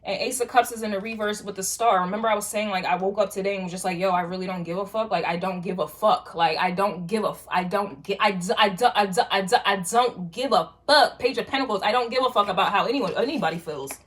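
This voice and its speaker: A woman's voice: mid-range voice, fast, few pauses, a bit bright. A woman giving a casual tarot reading to viewers, talking in loose streetwise slang with frequent swearing and rambling restarts. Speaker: tarot reader.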